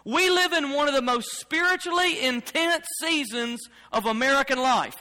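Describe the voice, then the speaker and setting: A man's voice: extremely high pitch, moderate pace, pushed and bright, big-room sound. A man preaching a sermon as pastor, speaking emphatically and repeating phrases as he builds his points.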